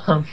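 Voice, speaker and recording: A man chatting casually about a game, hesitant with many fillers and laughs. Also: muffled recording. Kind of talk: casual group chat after a game.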